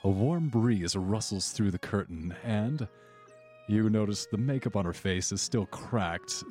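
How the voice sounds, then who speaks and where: Low-voiced man narrating a tabletop game. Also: animated, a little mellow, faint music behind. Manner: measured, descriptive narration with slow dramatic pauses. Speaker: game master.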